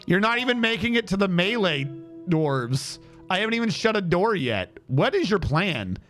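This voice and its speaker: A man streaming a game with casual commentary, animated and exasperated, swearing freely and talking to chat. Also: high voice, normal speed, soft background music.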